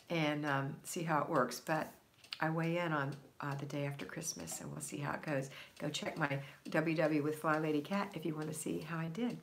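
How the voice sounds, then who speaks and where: An older woman in her sixties chats casually as she hosts a live stream. Her voice sits a little low, and she reads viewer comments aloud in a friendly, talkative way. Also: gravelly. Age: 60s. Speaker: livestream host.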